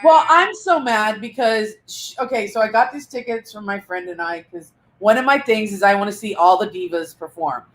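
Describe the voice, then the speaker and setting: An older woman with grandchildren, co-hosting a casual live chat, talkative and quick to laugh at herself. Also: medium pitch, animated. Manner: chatty, self-deprecating, laughs often. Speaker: co-host.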